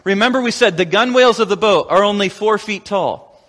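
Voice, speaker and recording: Man, pastor, sermon, animated storytelling, high-pitched, echoing hall. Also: a little fast. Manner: animated storyteller who acts out quotes. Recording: long echoing reverb.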